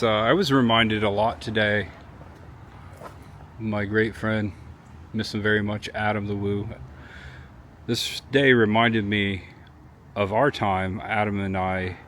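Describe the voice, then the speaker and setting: Low-voiced man vlogging outdoors. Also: fairly bright tone. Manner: chatty, reflective, emotional. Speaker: travel vlogger. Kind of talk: casual vlog narration. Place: outdoors on city streets. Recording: outdoor street noise.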